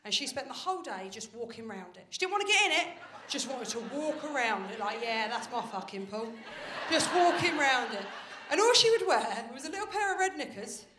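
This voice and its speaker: A stand-up comedian with a high, sing-song voice and a fairly quick delivery performs live on a comedy venue stage. She is chatty and confiding and swears casually. The recording is roomy, with audience noise.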